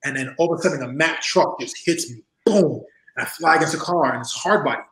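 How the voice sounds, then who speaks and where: Animated man telling stories, echoey room. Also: fairly high pitch, quick pace. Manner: animated, laughs often, acts out voices in his stories. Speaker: interview guest. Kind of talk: casual storytelling in an interview. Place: home room.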